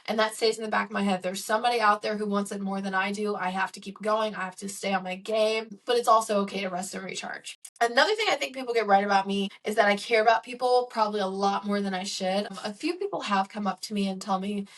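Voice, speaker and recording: A woman's voice: mid-range voice, fairly even intonation, fast talker, hardly any pauses, a bit bright, far from the mic. Candid young woman hosting a solo podcast. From Chicago. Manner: earnest and candid, many "like" and "um" fillers. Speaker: podcast host. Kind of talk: reflective solo podcast monologue.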